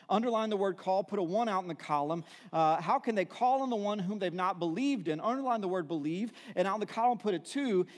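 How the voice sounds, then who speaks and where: A pastor preaching a sermon, earnest and repetitive, with many restarts, moving between soft passages and rising emphasis. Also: male voice, high-pitched, big-room sound.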